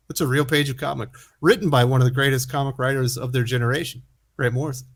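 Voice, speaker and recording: A man's voice: medium pitch, steady tone, fast talker, creaky. A man hosting a comic book commentary, sarcastic and incredulous, often chuckling at what he reads. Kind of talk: opinion commentary.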